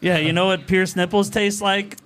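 A man with a fairly high voice tells crude anecdotes with animated energy. He breaks into laughter mid-sentence as he goes. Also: normal speed. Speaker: podcast guest. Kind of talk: casual crude storytelling.

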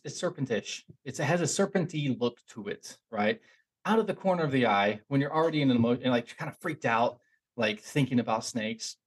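Husky young man telling a rambling story. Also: medium pitch. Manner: animated, rambling, self-mocking, with frequent restarts. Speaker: podcast host. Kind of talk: casual storytelling monologue.

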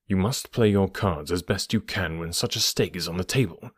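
A man reading the part of a calm, cool-headed middle-aged detective in an audiobook, speaking in a measured, dryly assured, hushed way. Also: low-pitched, slightly rough, no echo, clean studio sound, pitched below the performer's own voice. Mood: resolute.

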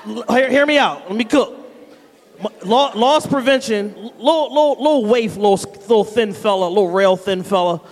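A man's voice: sits high, brisk. A man co-hosting a live podcast, chiming in with playful, profane jokes and stories. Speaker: podcast co-host. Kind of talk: live comedic banter. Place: live stage show in a studio venue. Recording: long hall reverb from a live venue.

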